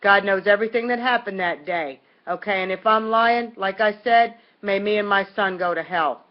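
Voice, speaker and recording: A woman talks straight to her own camera at home, rambling and colloquial, full of fillers and false starts. Her pitch is mid-range, and the device's built-in mic makes the sound dull and lo-fi. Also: moderate pace. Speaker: vlogger speaking to viewers. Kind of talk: casual self-recorded video message.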